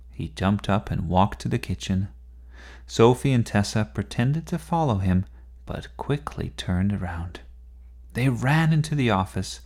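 Slow, expressive male storyteller. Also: on the low side. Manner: unhurried, expressive reading. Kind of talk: children's story read aloud.

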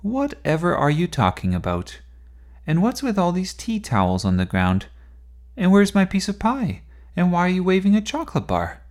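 A man's voice: sits high, huge pitch swings, moderate pace, darkish tone, pitched above the performer's own voice. A man voicing a busy, distracted father in a storybook, firm but kindly and a bit flustered.

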